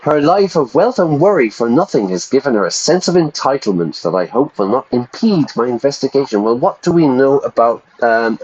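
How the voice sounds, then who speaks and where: Male ESL teacher streaming from home, chatty with viewers, mid-pitched voice, slightly dull lo-fi sound. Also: a little mellow. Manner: chatty, talks to viewers in chat. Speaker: English teacher streaming a game. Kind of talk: casual livestream lesson.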